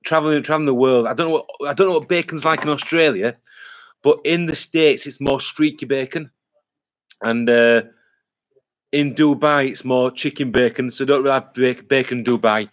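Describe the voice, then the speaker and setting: An English vlogger hosts a live stream, chatting casually as he reads viewer comments aloud and rambles with lots of fillers. He speaks at a moderate pace in a mid-range voice.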